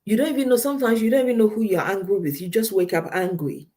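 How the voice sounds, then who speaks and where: A woman's voice: mid-range voice, steady tone, fast, a little mellow. A woman counselor giving emphatic, direct advice to listeners on a radio show, often repeating her key points.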